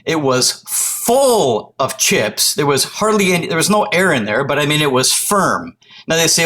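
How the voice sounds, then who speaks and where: A middle-aged man from the Toronto area, ranting to camera in a loud, exasperated, profane comic rant. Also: on the high side, sing-song, moderate pace. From Canada, Toronto area.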